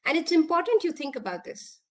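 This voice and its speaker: A woman's voice: extremely high pitch, sing-song, fairly quick. A woman, an executive coach giving an online workshop talk, earnest and full of questions to her listeners.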